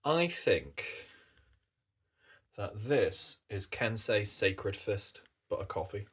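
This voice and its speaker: A man's voice: lowish voice, big pitch swings, slow pace, fairly bright tone, husky. A British man chatting casually as a coffee reviewer, rambling along and swearing in passing. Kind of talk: casual chat.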